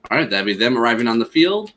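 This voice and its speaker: Male game master, bright voice, animated delivery. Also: mid-range voice, quick pace. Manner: lively, animated narration. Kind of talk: narrating a tabletop game.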